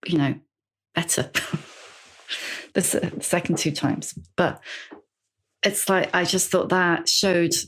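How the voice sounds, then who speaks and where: A woman's voice: lowish voice, slow, long pauses, fairly bright tone, slight background noise. A woman hosting a podcast, a reflective interviewer who gropes for words as she thinks. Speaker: podcast host. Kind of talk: conversational interview.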